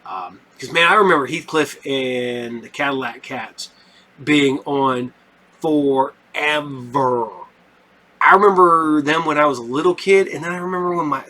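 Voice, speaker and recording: A man's voice: on the high side, pushed and bright, low-quality recording. A man hosting a podcast in casual, rambling chat with lots of fillers. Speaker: podcast host.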